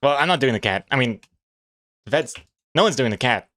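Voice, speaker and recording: A man's voice: medium pitch, animated, a little fast, pushed and bright, no echo. A man chatting casually and joking at his own expense while he draws comics on a live stream, reading chat messages aloud. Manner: self-mocking, jokey, reads chat aloud.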